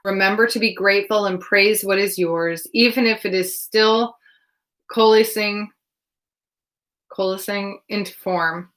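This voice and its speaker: A woman reading oracle cards and telling casual stories in an animated way, swearing freely and laughing along. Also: mid-range voice, low-quality recording. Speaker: tarot reader.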